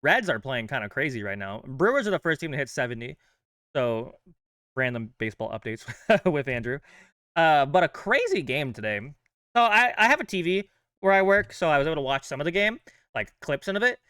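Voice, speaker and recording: A man's voice: on the high side, big pitch swings, a little fast, bright, forceful tone, clean tone, dry recording, clean studio sound. A man hosting his own fan channel, chatting in a casual, upbeat way with plenty of loose fillers. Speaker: host of a fan sports channel. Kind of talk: casual chat.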